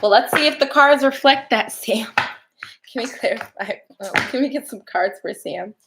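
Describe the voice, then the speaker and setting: A woman's voice: fairly high pitch, normal speed, background noise. A woman giving casual live tarot readings, chatty and laughing often as she talks to viewers. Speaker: tarot reader.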